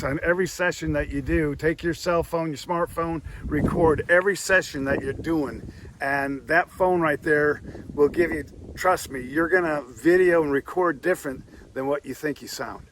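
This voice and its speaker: A man's voice: a little high, fairly bright tone, a little hiss or hum, low-quality recording. A man teaching duck calling in a plainspoken instructional manner, often repeating himself as he explains. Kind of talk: instructional demonstration.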